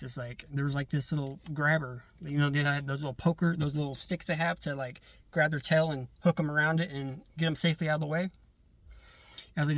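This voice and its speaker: A man casually telling a long story about a dream, halting and repeating words as he gets caught up in it. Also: a little high, no room sound. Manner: halting, repeats words and restarts when excited. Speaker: vlogger recounting dreams.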